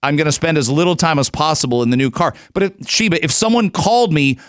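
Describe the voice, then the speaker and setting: A man's voice: on the high side, fast, dry recording. A male radio host in casual, joking studio talk, rambling through stories.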